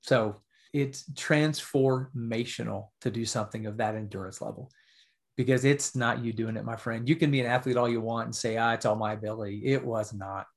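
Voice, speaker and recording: A middle-aged man telling a story on a podcast, his voice sitting at an ordinary middle pitch. He talks in an earnest, heartfelt way and checks in with his listener now and then. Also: normal speed, vocal fry. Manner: earnest, emotional storytelling with frequent "right?" asides. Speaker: podcast guest, author.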